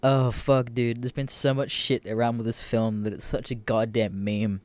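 A young adult Australian man hosts a podcast, delivering a casual rant at a normal speed in a medium-pitched voice. He swears a lot, stays animated, and laughs often. The recording is dry.

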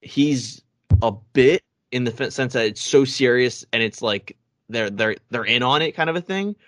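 A man co-hosting a casual podcast chat, relaxed and agreeable, with many fillers. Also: medium pitch, moderate pace, no room sound. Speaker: podcast co-host.

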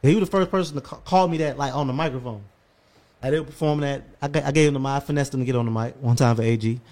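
Fast-talking man, podcast host, animated, profane storytelling. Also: medium pitch. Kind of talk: casual podcast chat.

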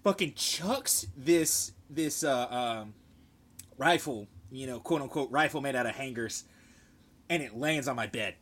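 A man telling a profane, animated story in casual chat. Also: mid-range voice, measured pace, slightly rough.

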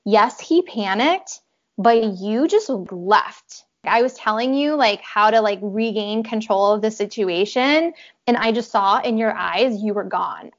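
Woman, casual storyteller, animated, slightly muffled lo-fi audio. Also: mid-range voice, unhurried. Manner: animated storytelling, acts out quotes, laughs often. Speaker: horse rider telling her story. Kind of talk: casual podcast chat.

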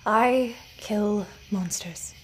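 A woman voicing a flat, monotone monster hunter. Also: mid-range voice, unhurried, slight background noise, close to an everyday voice, rough recording. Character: blunt young monster hunter. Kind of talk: audio fiction voice acting.

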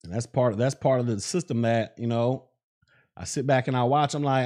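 A man's voice: mid-range voice, moderate pace, a little mellow. A man hosting a podcast, speaking in with blunt, mocking commentary and laughing at his own jokes. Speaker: podcast host. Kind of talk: casual commentary.

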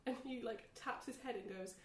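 A woman in her thirties, co-hosting a podcast and telling stories in lively casual chat. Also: a little high, brisk. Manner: animated storyteller who acts out voices. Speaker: podcast co-host. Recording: roomy, distant mic.

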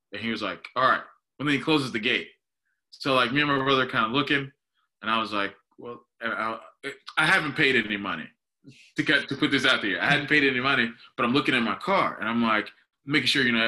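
Young guy, very bright voice, animated storyteller, podcast co-host. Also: mid-range voice. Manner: animated, laughing, says "dude" and "bro". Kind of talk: casual storytelling chat.

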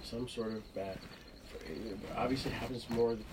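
A man's voice: mid-range voice, fairly even intonation, normal speed. A man telling stories in a casual interview, rambling with restarts and swearing. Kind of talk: casual storytelling. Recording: distant mic with loud noise.

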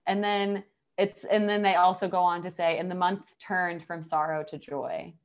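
A woman's voice: lowish voice, fairly even intonation, moderate pace. A woman co-hosting a podcast, chatty and enthusiastic, saying "like" often. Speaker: podcast co-host. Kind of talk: casual podcast chat.

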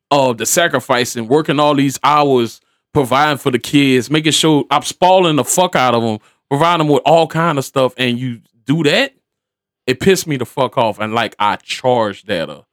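Animated and profane, a middle-aged stepfather relates a family story in slangy, casual speech, acting out each person's words. He talks at normal speed with a medium-pitched voice. The sound is dry and studio quality.

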